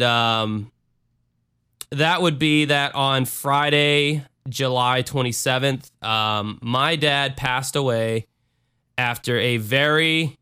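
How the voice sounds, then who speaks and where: A man hosting a podcast, talking in a dry, sarcastic deadpan with rambling restarts. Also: medium pitch, clean tone. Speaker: podcast host. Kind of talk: casual podcast monologue.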